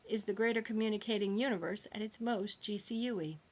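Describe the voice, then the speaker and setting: A woman's voice: medium pitch, fairly quick, natural voice. A woman voicing a dazed, half-conscious man thinking wry thoughts.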